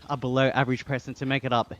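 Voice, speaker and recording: A man's voice: mid-range voice, very fast, muffled recording. Laid-back Australian man streaming. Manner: relaxed, chatty, reads chat aloud with frequent laughs. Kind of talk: casual live-stream chat while cycling.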